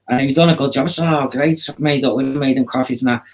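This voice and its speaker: A man's voice: medium pitch, steady tone, racing, poor audio. A man hosting a live stream, telling rambling stories in a casual chat. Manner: rambling, chatty storyteller with fillers. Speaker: livestream host.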